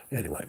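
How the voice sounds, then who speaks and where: A man's voice: a little high, warm tone, slight background noise. A man rambling through a casual story on a livestream, full of restarts and filler phrases. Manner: meandering, full of "you know" and restarts. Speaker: livestream host.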